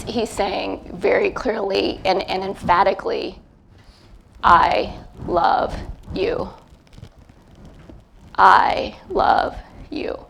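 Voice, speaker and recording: A middle-aged woman, a psychic medium, gives a gentle, hesitant live reading before an audience, pausing often as she feels her way. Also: on the high side, vocal fry, slight background noise. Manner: gentle, hesitant, feeling her way with many pauses. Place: event talk in front of a live crowd.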